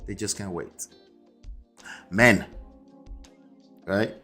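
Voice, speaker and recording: A man's voice: sits low, extremely slow, pushed and bright, husky, faint music behind. A man hosting relationship commentary, reacting to a debate clip in an emphatic way that keeps checking in with the listener. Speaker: relationship coach and host.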